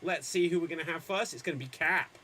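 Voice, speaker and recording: A man hosting an improv comedy stream, upbeat and chatty with quick asides. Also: a little high, pushed and bright, slight background noise. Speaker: improv host.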